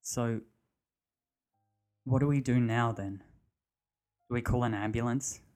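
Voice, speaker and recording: A terrified man in a storybook reading, his voice croaking and wobbling as it pushes up high, as a man puts him on. Faint music runs in the background. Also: fairly even intonation, slow, darkish tone, lightly acted. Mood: shaky. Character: frightened, shaky adult man who smokes.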